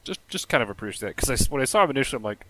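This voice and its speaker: A man's voice: mid-range voice, rapid-fire, low-quality recording. Wry man co-hosting a casual chat. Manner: relaxed, wry, swears, laughs often. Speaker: podcast co-host.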